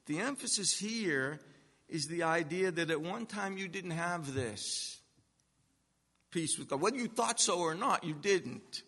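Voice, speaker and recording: A man delivers a sermon at an unhurried pace, leaning on single words and letting his voice swell for emphasis. His tone is bright and sits slightly high. The sound carries a long hall reverb. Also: lively intonation, slightly rough. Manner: slow, emphatic preaching with long pauses and swells in loudness. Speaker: pastor.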